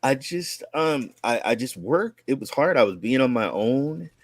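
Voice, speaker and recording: On a dry recording, an animated, medium-pitched man talks unhurriedly. He's a content creator in his forties from Oakland, California, appearing as a guest and recounting his life in a loose, rambling way full of restarts and performed quotes.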